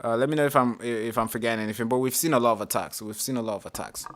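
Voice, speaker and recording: A man's voice: mid-range voice, rapid-fire, a bit bright. A male host reading an article aloud during a live stream and commenting on it, swearing, repeating himself and putting on mocking voices.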